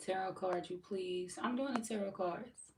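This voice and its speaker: A woman's voice: medium pitch, moderate pace, darkish tone. A woman running a live tarot stream who chats casually with viewers, swears freely and laughs often. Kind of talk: casual live-stream chat reading comments. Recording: roomy echo from far off mic, faint background noise.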